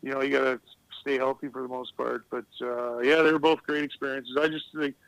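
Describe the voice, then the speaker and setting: A man's voice: medium pitch, level tone, fairly quick, gravelly, a bit bright, smooth, dry recording, rough recording. A middle-aged man who used to play pro hockey, telling loose, rambling stories as a guest on a casual podcast and laughing at his own anecdotes. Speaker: guest, retired hockey player.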